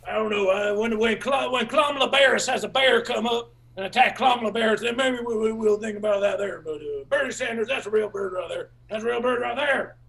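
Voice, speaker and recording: A man doing an absurdist stand-up bit at an open mic, rambling and repeating himself in broken folksy grammar, with halting fillers and sudden shouted bursts. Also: high-pitched, creaky, distant mic, poor audio.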